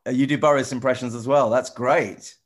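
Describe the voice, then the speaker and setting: A man presenter chatting with children in a casual video call, rambling and restarting often, gentle and encouraging. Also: mid-range voice, fairly even intonation, fairly quick. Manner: rambling, stop-start, many repeated "you know". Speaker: TV presenter answering children's questions.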